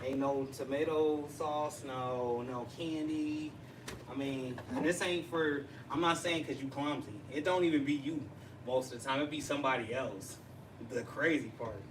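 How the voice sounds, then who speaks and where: A man hosting a casual livestream chat, chatty and excitable, laughing and teasing as he talks. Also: mid-range voice, normal speed. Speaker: livestream host. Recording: distant mic with noisy background.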